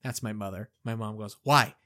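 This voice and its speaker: A middle-aged man co-hosting a podcast, telling a childhood story in a casual, animated way and acting out the quotes. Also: medium pitch, moderate pace. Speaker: podcast co-host.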